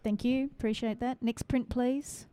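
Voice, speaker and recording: A woman's voice: a little high, steady tone, measured pace, mellow, clear, resonant tone, no room sound. Chatty Western Sydney Australian woman host. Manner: chatty and upbeat, calling scores and judges. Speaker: photography awards host. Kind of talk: live-streamed event hosting.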